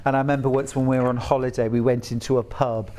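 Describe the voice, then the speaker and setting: A man's voice: mid-range voice, little pitch movement, quick pace, a little mellow, slight background noise. Chatty enthusiastic male shopping presenter. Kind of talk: live sales presentation.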